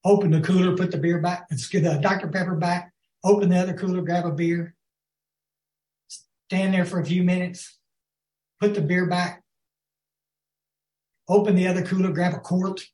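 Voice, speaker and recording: A man's voice: high voice, steady tone, normal speed, pauses often, darkish tone. A man giving a recovery talk to a group, telling folksy stories and often asking his listeners if they follow. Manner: folksy storytelling, addresses the audience as y'all. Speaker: recovery speaker. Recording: roomy echo.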